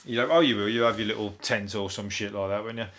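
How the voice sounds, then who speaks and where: In a steady, slightly bright voice on the low side, a comedian host with a Birmingham accent runs a comedic news review. He rambles and swears freely, cracking himself up and tossing in quick silly impressions.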